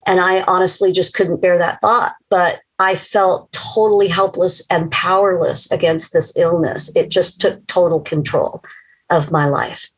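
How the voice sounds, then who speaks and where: Husky-voiced older woman, earnest. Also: fairly low pitch, steady tone, measured pace, low-quality recording. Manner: earnest, emotional storytelling. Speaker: speaker telling her health story. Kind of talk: scripted personal testimony.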